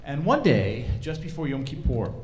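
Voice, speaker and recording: A man tells a story at a cultural event in an animated, casual way, with fillers like um and you know. His pitch swoops widely as he tells it. He speaks to a live audience in a hall. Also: moderate pace, a little hiss or hum.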